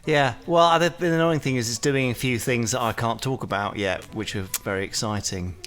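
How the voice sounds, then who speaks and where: A man's voice: mid-range voice, a little fast, fairly bright tone. A man guesting on a podcast in casual chat, coy and hesitant with teasing hints.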